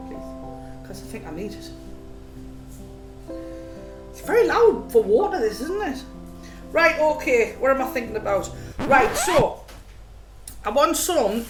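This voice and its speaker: A woman hosting a casual home cooking vlog, chatty and self-mocking with frequent giggles. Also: fairly high pitch. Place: home kitchen. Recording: echoey room, noisy background.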